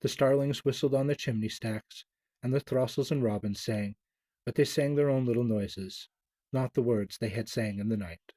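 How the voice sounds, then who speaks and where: A man reading a classic children's story aloud, gentle and expressive, with small stumbles. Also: mid-range voice, moderate pace, no room sound.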